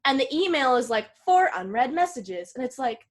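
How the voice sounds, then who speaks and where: A woman co-hosting a casual podcast, retelling a film plot in an animated way, acting out quotes and swearing freely. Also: high voice, normal speed, slight background noise. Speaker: podcast co-host.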